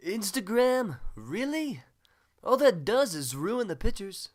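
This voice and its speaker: A man's voice: sits high, big pitch swings, slow pace, exaggerated voice. A man playing a smug, self-obsessed host of a spoof news show, with cheesy, boastful anchorman patter. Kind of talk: comedy sketch acting.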